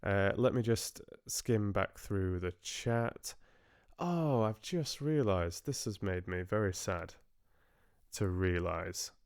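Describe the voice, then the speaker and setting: A man's voice: sits low, steady tone, slow, smooth, no room sound, studio quality. A male audiobook narrator hosting a live stream, chatting casually with viewers in a rambling, hesitant way and often restarting his sentences.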